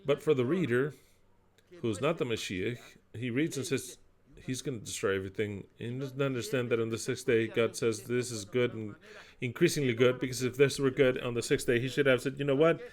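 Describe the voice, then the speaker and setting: A man delivering a sermon in an average-pitched voice. He declaims scripture forcefully, then drops into quiet, explanatory asides. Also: a little fast. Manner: emphatic, swings between loud declaiming and quiet asides. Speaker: preacher.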